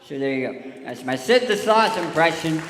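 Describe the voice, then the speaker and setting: A man's voice: fairly high pitch, lively intonation, moderate pace, a crowd in the background, background noise. A man with a lisp giving a joking, storytelling talk on a church stage. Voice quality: lisp from tongue surgery. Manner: joking, storytelling, addresses kids. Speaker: touring speaker and singer. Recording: echoey hall with live music.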